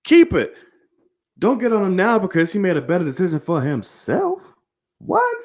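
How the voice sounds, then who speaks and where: On his live sports show, a high-pitched man rants at normal speed. His delivery is animated and profane, full of heated opinions aimed straight at the viewers watching the stream.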